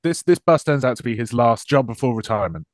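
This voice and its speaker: Fast and animated, this man co-hosts a laid-back podcast, trading sarcastic jokes about a film and laughing often. His pitch is medium, and the studio-quality audio has no echo.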